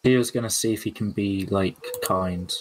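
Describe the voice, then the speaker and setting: A man's voice: lowish voice, normal speed, noisy background. A man playing a tabletop game, talking casually with hesitant fillers. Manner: hesitant, full of hedges and fillers. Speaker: player.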